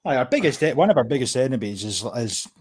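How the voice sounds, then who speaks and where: A man's voice: mid-range voice, very animated, fast talker, husky. A Scottish man ranting bluntly and swearing a lot, co-hosting a casual commentary stream. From Scotland. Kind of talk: casual political commentary chat.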